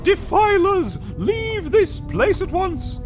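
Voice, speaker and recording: A man booming as a wrathful tomb ghost. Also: big pitch swings, soft background music, heavily acted. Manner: booming, pompous, drawn-out proclamations. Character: wrathful male guardian spirit of a tomb.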